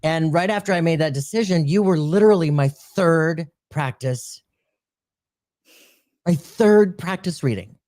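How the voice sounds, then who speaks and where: A man's voice: on the high side, unhurried, darkish tone. Earnest reflective male host. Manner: earnest, reflective, searches for words. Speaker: host, medium. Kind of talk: casual spiritual conversation.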